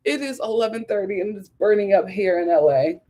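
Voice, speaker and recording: A woman talking casually on a live stream from home, her voice sitting at a middling pitch. She reads viewer comments and answers them with strong opinions and easy laughter. Now and then she leaps up into a high squeal of disbelief. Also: a little fast. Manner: animated, jumps to high squeals of surprise; laughs often, opinionated and chatty. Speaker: live stream host reviewing a reality show. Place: home in a hot city.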